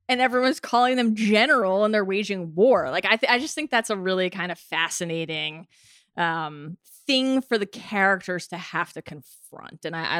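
A woman co-hosts a podcast in casual, excited chat, her thoughts rambling and full of "like"s. Her voice sits at an ordinary pitch for a woman. The recording is close and dry, with no room sound. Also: no room sound. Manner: enthusiastic, rambling, frequent "like". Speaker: podcast co-host.

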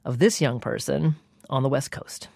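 A woman radio host introduces guests and asks questions in a calm, measured way. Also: very deep voice, creaky, dry recording, clean studio sound. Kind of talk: broadcast interview hosting.

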